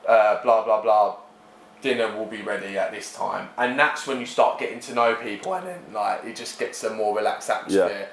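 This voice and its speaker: A man's voice: fairly low pitch, moderate pace, slight background noise. Guy, young, chatty anecdotes, voices the people in his stories, roomy sound. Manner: animated, acts out voices in anecdotes. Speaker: podcast guest. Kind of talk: casual storytelling chat. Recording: echoey room.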